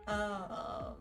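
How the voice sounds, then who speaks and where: Giggly woman chatting on stream. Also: a bit bright. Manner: giggly, chatty, reads chat aloud. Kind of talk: casual live-stream chat.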